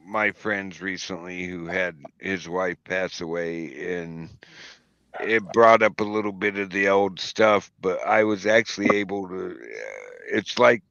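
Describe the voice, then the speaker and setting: A man's voice: low-pitched, a little slow, vocal fry, a bit bright, no room sound. A man chatting casually in a group voice chat, telling stories in a blunt way over a dull, lo-fi mic. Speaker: voice chat participant.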